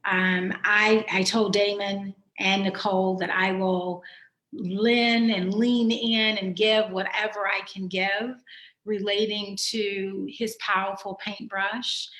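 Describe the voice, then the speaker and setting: A woman speaks slowly and thoughtfully, reading her poetry and then talking candidly in halting, filler-laced sentences. Her voice sits in a noticeably roomy, echoing space. She is a writer and guest on a video call. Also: medium pitch, little pitch movement, a bit bright. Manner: slow, reflective, halting with fillers. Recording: roomy echo.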